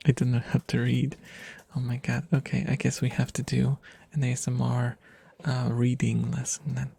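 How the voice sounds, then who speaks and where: A man rambling softly to his stream audience in ASMR style, self-deprecating and often slipping into whispers, recorded close to the microphone at home. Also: medium pitch, little pitch movement, moderate pace, gravelly, slightly rough. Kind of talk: soft rambling ASMR chat.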